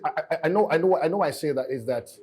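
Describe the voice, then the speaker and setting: A married man speaking as a guest on a panel, halting and often repeating his words. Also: a little high, animated, a little mellow, breathy edge. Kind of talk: panel discussion.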